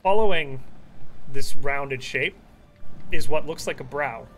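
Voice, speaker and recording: A man's voice: slow, faint music behind. A man narrating vividly as game master of a tabletop game. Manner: vivid descriptive narration with lively pitch.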